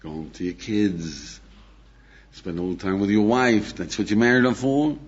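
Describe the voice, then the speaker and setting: A rabbi teaching a class to a live audience in an animated, questioning way, chuckling and acting out little dialogues. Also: male voice, lowish voice, normal speed, slight background noise. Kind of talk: lively lecture to a live audience. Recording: dull lo-fi archival lecture tape.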